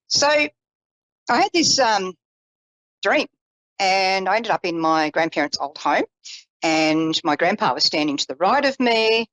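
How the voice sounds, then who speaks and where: A woman psychic telling a personal story in an animated, casual way, with self-deprecating asides, acting out the voices she quotes. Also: medium pitch, a little slow, pauses often, dry recording, poor audio. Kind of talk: storytelling on a call-in psychic show.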